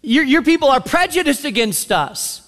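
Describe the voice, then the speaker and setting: A man voicing a sarcastic Samaritan woman with an attitude, firing off quick, incredulous retorts. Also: very high voice, very animated, fairly bright tone, big-room sound, voice pushed up, heavily acted.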